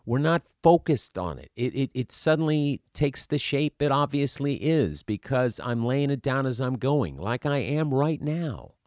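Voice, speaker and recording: A man speaking as an acting coach in an animated teaching monologue, asking rhetorical questions and acting out examples. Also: medium pitch, unhurried, hardly any pauses, no room sound, clean studio sound.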